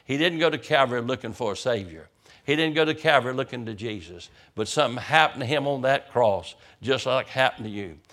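A man's voice: medium pitch, lively intonation, a little fast, fairly bright tone. A man, a pastor, preaching a sermon as vivid storytelling, often stammering over the first words of a sentence.

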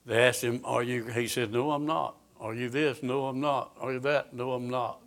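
A man's voice: mid-range voice, fairly even intonation, fairly bright tone. A man preaching a sermon, reading scripture aloud with emphasis and asking his listeners direct questions. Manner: slow, emphatic scripture reading with rising intensity; asks the congregation direct questions.

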